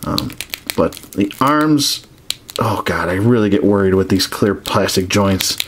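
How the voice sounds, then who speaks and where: Man, low voice, rambling casual toy review, faint background hiss. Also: animated, measured pace. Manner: rambling, many ums and restarts, frank complaints. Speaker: toy collector reviewing action figures.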